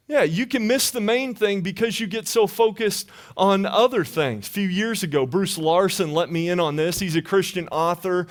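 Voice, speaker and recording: A man pastor preaching a lively, conversational sermon in church, often checking in with "right?". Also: high voice. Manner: animated, conversational preaching with frequent "right?" tags. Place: church sanctuary.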